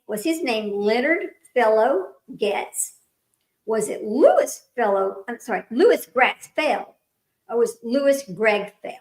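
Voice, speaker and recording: A high-pitched woman hosts a casual trivia livestream, chatty and giggly, laughing at herself as she drifts off topic. Her voice rings around an echoey room at home. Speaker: livestream host running trivia. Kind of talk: casual chat with live viewers. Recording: roomy echo.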